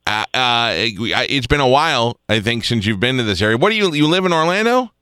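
A man's voice: mid-range voice, lively intonation, quick pace, bright, forceful tone, clear, resonant tone, no room sound, clean studio sound. A man hosting a radio show, teasing his guest in a rambling way with many restarts. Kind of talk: casual radio interview. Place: radio studio. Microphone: studio microphone.

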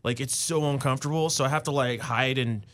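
A man's voice: medium pitch, fairly even intonation, fast, fairly bright tone. A man co-hosting a podcast, chatting casually and animatedly telling stories about his young daughter. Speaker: podcast co-host. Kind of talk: casual chat.

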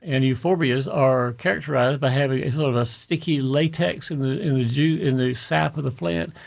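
A man's voice: medium pitch, moderate pace, creaky. A man hosting a radio garden show, telling stories in a folksy way and acting out the people in them. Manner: folksy storyteller, acts out quoted people. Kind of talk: radio talk show chat.

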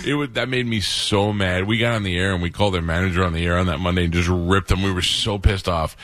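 A man hosting a radio talk show, chatting casually and telling stories with animated, heated retellings. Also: low voice, fast.

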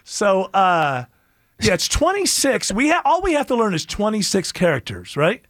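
A man hosting a radio talk show, chatting in a rambling, animated way with frequent self-interruptions. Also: high voice, normal speed, no echo. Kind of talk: casual studio banter.

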